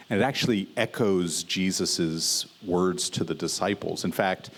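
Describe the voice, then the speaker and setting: A man preaching a conversational sermon as pastor, mixing casual fillers and light humor into scripture teaching. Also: low-pitched. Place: church service.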